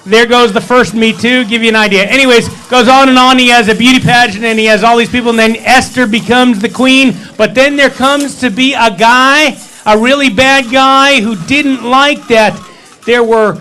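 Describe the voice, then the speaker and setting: A man's voice: very high-pitched, steady tone, normal speed, pushed and bright, rough recording. A man leading a service, telling a holiday story with humor and playful asides in a sanctuary. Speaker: service leader.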